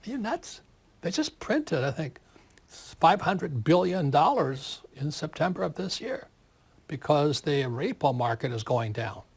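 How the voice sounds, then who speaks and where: A man in his seventies, an author giving an interview, talking in an animated, forceful way and repeating words for emphasis. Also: a little high, unhurried, gravelly, breathy edge. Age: 70s.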